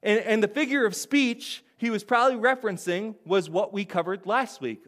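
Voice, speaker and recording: High-voiced man preaching earnestly. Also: fairly quick, few pauses, fairly bright tone. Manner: earnest, conversational preaching with rhetorical questions and frequent restarts. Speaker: pastor. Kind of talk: sermon.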